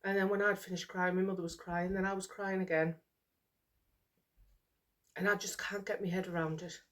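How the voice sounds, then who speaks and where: A middle-aged woman from the United Kingdom talks casually to camera in a vlog, overwhelmed and emotional after a morning spent crying. Her voice is on the low side and flat, at a normal speed, and she sighs and repeats herself.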